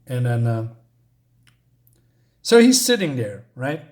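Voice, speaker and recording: A man's voice: medium pitch, sing-song, takes it slowly, a little mellow. A man giving a casual spoken comic book review, rambling and ranting with lots of fillers and restarts.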